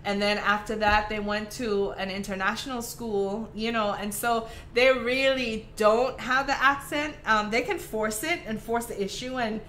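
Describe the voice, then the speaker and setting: Bright-voiced Caribbean woman crafting live. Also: mid-range voice, a little slow, a little hiss or hum. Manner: chatty and affectionate, calls viewers "my darlings". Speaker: craft host. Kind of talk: live-stream craft tutorial chat.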